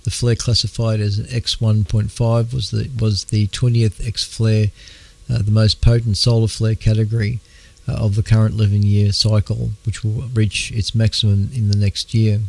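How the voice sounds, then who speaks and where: An Australian man hosting an astronomy radio show, talking in a halting, casual way with many fillers, clearing his throat as his voice wears out. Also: on the low side, monotone, darkish tone. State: losing his voice. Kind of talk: casual astronomy news talk.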